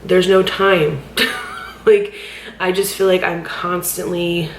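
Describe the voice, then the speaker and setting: A woman with a slightly low voice vents in a rambling, frustrated way, swearing freely and leaning on "like" as she talks. She sounds tearful and worn out. The room is roomy and echoey, with a faint hum of background noise behind her. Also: level tone, takes it slowly. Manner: rambling, frustrated, heavy swearing, many "like" fillers. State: tearful, overwhelmed. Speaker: vlogger. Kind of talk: candid personal vlog venting.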